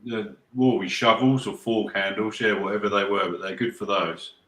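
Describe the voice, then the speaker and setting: A man's voice: on the low side, steady tone, normal speed, pushed and bright, reverberant, poor audio. A man joining a casual podcast chat with offbeat quips. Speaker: podcast guest.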